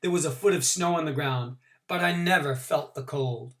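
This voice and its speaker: A male teacher reading a novel aloud to his class, with expressive voices for the characters and small asides explaining things. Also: fairly high pitch, moderate pace. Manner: adds short explanations for listeners. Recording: voice picked up from a distance from the mic.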